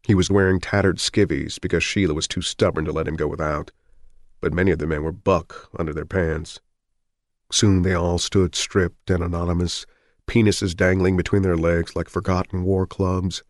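A man with a very low, deep voice reads a novel aloud as an audiobook. His delivery is even and measured, and the recording is close and dry with no room echo. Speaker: narrator. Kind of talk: scripted audiobook narration.

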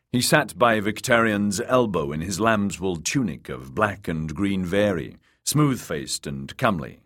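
A man narrating an audiobook with expressive storytelling. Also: low voice. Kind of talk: scripted narration.

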